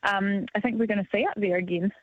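A woman's voice: mid-range voice, steady tone, fast talker, no echo. Woman radio pundit, keen and chatty, lots of ums, muffled dry line. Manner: enthusiastic, lots of ums and yeahs. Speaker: motorcycle racing pundit. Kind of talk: casual radio sports chat.

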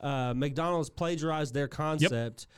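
A man's voice: a little high, measured pace, clear, resonant tone, no room sound. A man co-hosting a podcast, asking curious questions in casual chat. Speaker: podcast co-host.

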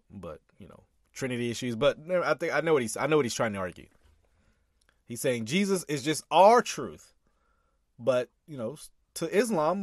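Man, reaction commentary, lively rising and falling pitch, emphatic repeats, dry close sound. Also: dry recording. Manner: animated, laughing, rebutting with emphatic repeats. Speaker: commentator reacting to a sermon clip. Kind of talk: reaction commentary with scripture reading.

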